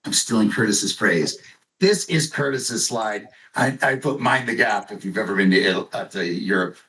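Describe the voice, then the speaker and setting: A man giving a casual, jokey business pitch to a group, animated and full of asides. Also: moderate pace, a little hiss or hum. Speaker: company presenter. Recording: echoey room, mic at a distance.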